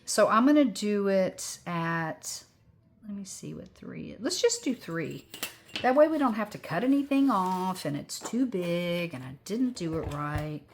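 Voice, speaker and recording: A woman's voice: mid-range voice, lively intonation, unhurried. Chatty upbeat woman in her sixties. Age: 60s. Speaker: crafting vlogger. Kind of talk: casual crafting chat.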